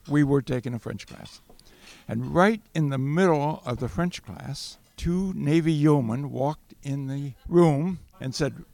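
Older veteran man, gravelly, chuckling rambling storyteller. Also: medium pitch, darkish tone. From California. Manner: chuckling, rambling anecdote with restarts. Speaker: World War Two Navy veteran guest. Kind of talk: storytelling interview.

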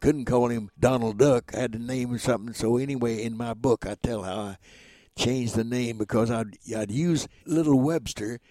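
A man's voice: mid-range voice, normal speed, dry recording. Older male entertainer as interview guest, spins anecdotes and voices the quotes, dry close sound. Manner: animated storyteller who acts out quoted dialogue.

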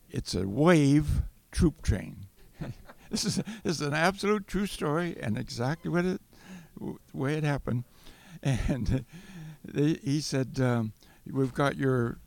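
Older veteran man, gravelly storyteller. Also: medium pitch, a little mellow. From California. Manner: chuckling, rambling anecdote with restarts. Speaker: World War Two Navy veteran guest. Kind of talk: storytelling interview.

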